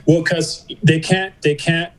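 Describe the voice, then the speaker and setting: A man's voice: a little high, takes it slowly, crowd noise, rough recording. A middle-aged man, a podcast guest, telling a story in a casual interview, acting out the dialogue with lots of "you know" and "I go". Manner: animated storyteller, acts out quoted dialogue, says "you know" and "I go" often.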